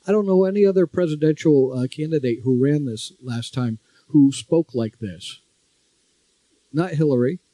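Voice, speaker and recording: A man's voice: fairly high pitch, mellow, no echo. Indignant man ranting about politics. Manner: indignant, scolding, mocking mimicry. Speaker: political commentator. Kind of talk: opinion monologue to camera.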